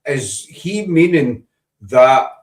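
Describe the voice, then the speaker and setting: A man's voice: mid-range voice, animated, drawn-out words, reverberant, distant mic. A Scottish man with a Glaswegian accent, chatting casually and rambling as the host of a paranormal show. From Scotland. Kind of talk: casual chat.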